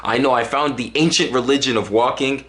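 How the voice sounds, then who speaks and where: A man's voice: medium pitch, a little fast, a bit bright. A man from Dallas, Texas, vlogging to camera in a casual, joking monologue full of exaggeration and restarts.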